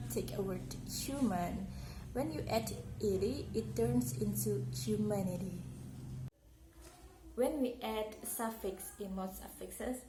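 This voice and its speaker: Speaking in a mid-range voice, a young Indonesian university student teaches English pronunciation carefully, her Indonesian accent audible as she repeats example words. The room is echoey with faint background noise.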